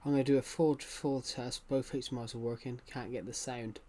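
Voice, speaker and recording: Casting note: young male streamer, chatty and rambling, mid-pitched voice, talks straight to his viewers. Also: fairly even intonation, fairly quick, mellow. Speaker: livestreamer. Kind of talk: casual live-stream chat.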